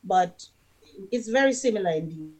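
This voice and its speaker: A woman's voice: medium pitch, expressive, moderate pace, darkish tone. A woman with a Jamaican accent, a radio guest who explains things patiently in casual chat, giving examples as she goes.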